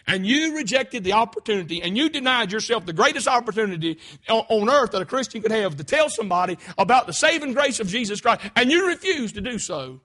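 A male preacher delivering a sermon in a church auditorium, building to loud, impassioned peaks and dropping low for emphasis. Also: sing-song, quick pace.

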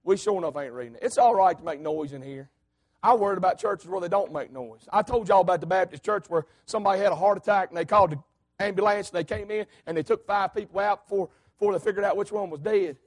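A man preaching a fiery sermon, swinging between hollering and low asides. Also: quick pace.

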